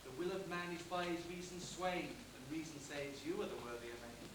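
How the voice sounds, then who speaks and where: An ardent, courtly young lover, played by a young man on a school stage, declaiming his verse earnestly. His voice sits fairly high. It carries from a distance through a strongly echoing hall over steady tape hiss. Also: brisk, close to an everyday voice. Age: young adult. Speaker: amateur stage actor. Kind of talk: live school stage play.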